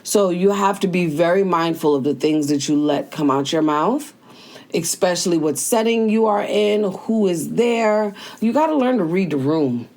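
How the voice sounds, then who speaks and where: Casual lower-voiced woman giving daily advice. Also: animated, normal speed, a little mellow. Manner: casual, conversational, slangy, talks straight to listener. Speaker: host. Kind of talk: motivational daily talk.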